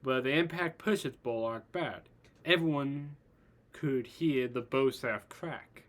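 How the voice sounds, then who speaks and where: A man narrating a fan-made story in an unhurried, halting way. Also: mid-range voice, fairly bright tone.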